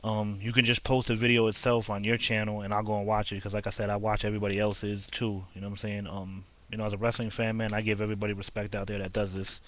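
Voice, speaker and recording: A young wrestling vlogger casually reviews a wrestling show for his video channel, rambling along with plenty of fillers. His voice sits on the low side but sounds fairly bright, with a level tone, and he talks fast with few pauses in a laid-back way.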